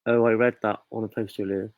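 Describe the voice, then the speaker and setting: A man's voice: lowish voice, level tone, a little fast, dry recording, narrow, tinny audio. A man from the UK hosting a casual live quiz, jokey and chatty as he reads out viewers' comments. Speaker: quiz host.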